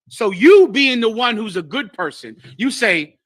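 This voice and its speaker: A man's voice: very high-pitched, expressive, a little slow, no echo. A man leading a congregation class, teaching in a blunt, emphatic, preachy style.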